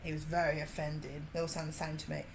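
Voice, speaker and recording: A woman's voice: low-pitched, flat delivery, fast talker. Chatty woman with a Brummie twang. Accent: Birmingham. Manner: chatty, laughing, rambling. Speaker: livestream host. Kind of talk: casual chat while crafting.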